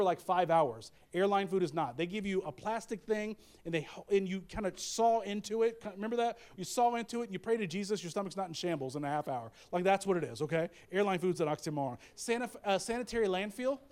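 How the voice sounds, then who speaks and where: Man, pastor, sermon, high-pitched voice, animated, joking, conversational. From American Midwest. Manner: animated, humorous, conversational with many restarts.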